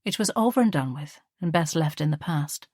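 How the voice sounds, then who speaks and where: A woman reading a historical drama audiobook in measured scripted narration. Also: deep voice, expressive, a little mellow, husky, no echo, clean studio sound.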